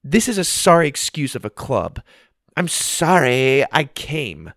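A man's voice: mid-range voice, very animated, unhurried, a bit bright, dry recording, studio quality, voice pushed up. A man voicing an earnest young girl who is fed up with mean friends, in a read-aloud story. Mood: indignant. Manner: earnest, heated outbursts. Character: girl new in town, fed up and sincere.

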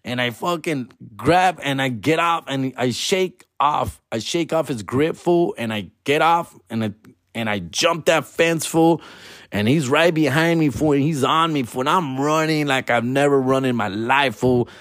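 A man's voice: medium pitch, measured pace, a bit bright, no echo, clean studio sound. A man in his forties telling a personal story in casual, profane street slang, tagging lines with fool and dog and slipping into Spanish now and then. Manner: slips into Spanish phrases.

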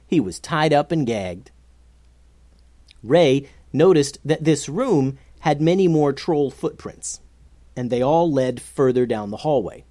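Animated children's-story narrator, lively pitch, unhurried. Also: no room sound, studio quality. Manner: animated, expressive.

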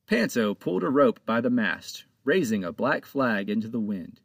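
A man narrating his own children's pirate storybook in a lively, expressive reading, close to the mic. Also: mid-range voice, moderate pace, creaky, few pauses, no room sound. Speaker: author and narrator.

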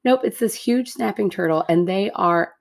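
A woman co-hosting a casual chat, telling a story in a lively, self-deprecating way and laughing often. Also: mid-range voice, normal speed, vocal fry. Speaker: podcast co-host.

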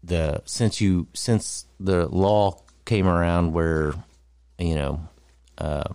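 Slow, very deep-voiced man. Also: steady tone, a little mellow, smooth, no room sound. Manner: halting, many ums and uhs. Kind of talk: casual storytelling.

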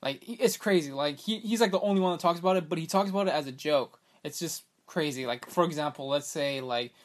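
A man's voice: a little high, quick pace. A young man hosting his own podcast in a casual, rambling chat, full of filler words, and he has the hiccups. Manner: excitable and rambling, many fillers like "like" and "bruh". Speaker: podcast host.

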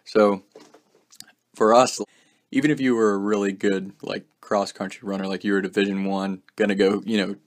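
A man's voice: fairly low pitch, little pitch movement, normal speed. A young man casually telling a story in a laid-back way, swearing freely and saying "like" often. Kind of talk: casual anecdote.

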